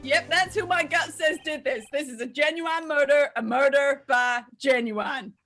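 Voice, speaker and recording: A woman's voice: high-pitched, unhurried, faint music behind. A woman voicing a nosy, pushy female photographer with a put-on southern accent, in a fan dub of a game. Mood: brash. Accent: put-on American Southern. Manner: pushy, loud, stubborn. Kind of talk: fan voice acting of a game playthrough.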